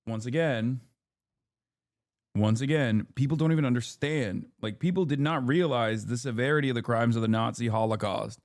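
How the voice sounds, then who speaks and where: A man's voice: mid-range voice, a little mellow, no room sound, studio quality. A male streamer giving heated, profane reaction commentary full of rhetorical questions. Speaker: streamer host.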